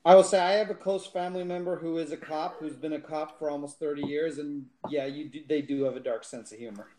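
A man's voice: fairly high pitch, steady tone, quick pace. A man chiming in briefly during a casual film discussion. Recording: echoey room with background chatter.

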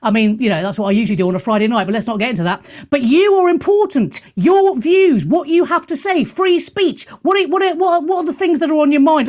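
Chatty woman radio host. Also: high voice. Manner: chatty, self-mocking, rambling asides. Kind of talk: live radio chat. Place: studio room in London. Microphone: in front of a camera.

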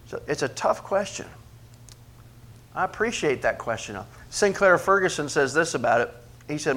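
Male preacher, slightly high voice; dynamic sermon delivery, quiet asides building to loud emphatic peaks, questions to the room. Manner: preaches with big swings in pitch and loudness, rising to emphatic peaks; asks the congregation questions directly. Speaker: pastor.

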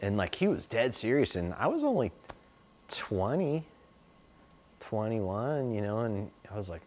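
A man's voice: lowish voice, big pitch swings, a little slow, darkish tone, slight background noise. A middle-aged man telling stories in a loose, rambling way, full of "like" and "you know". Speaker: interview guest. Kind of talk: casual storytelling.

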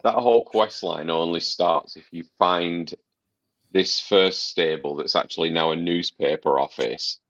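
Deep gravelly man on a podcast. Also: unhurried, a bit bright, dry recording, muffled recording. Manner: long rambling explanations, swears casually. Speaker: podcast co-host reviewing a game. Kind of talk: casual podcast chat.

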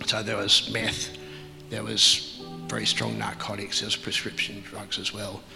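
A man telling his life story as an interview guest, halting and reflective, with many pauses and fillers. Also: fairly low pitch, monotone, vocal fry, in a large hall, music in the background, low-quality recording. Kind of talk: personal testimony in an interview.

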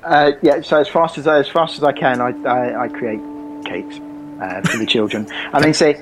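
Halting male player voicing his character, full of uhs and restarts. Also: medium pitch, rough recording. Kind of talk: role-playing a character at the table.

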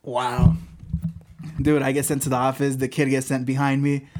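A man's voice: medium pitch, fast talker. A man from Southern California telling a school story in casual, swear-heavy chat, laughing as he goes. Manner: animated, laughs through stories, heavy swearing.

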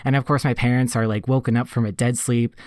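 Guy in funeral work chatting on a podcast, easygoing and reflective, even mid voice, dead dry mic. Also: medium pitch, quick pace, dry recording. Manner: relaxed, reflective, frequent "like" and "you know". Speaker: podcast co-host in funeral service. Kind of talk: casual conversational storytelling.

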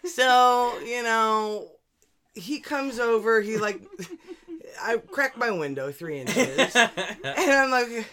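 A woman's voice: a little high, takes it slowly, crowd noise. A young woman in her twenties tells a story on a casual podcast. She swears freely and acts out each exchange as she goes. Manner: profane, animated storyteller who acts out every exchange.

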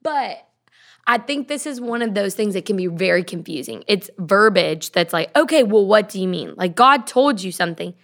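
Easygoing young woman co-host, mid pitch, chatty and quick to laugh. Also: lively intonation, a bit bright. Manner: chatty, laughs easily, many "like" fillers. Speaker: podcast co-host. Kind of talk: casual faith podcast chat.

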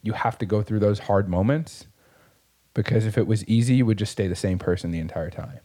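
A man's voice: lowish voice, brisk, dark tone. Guy swearing a lot, pumped up, giving a motivational talk in casual chat. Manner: profane, impassioned, motivational. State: tearing up.

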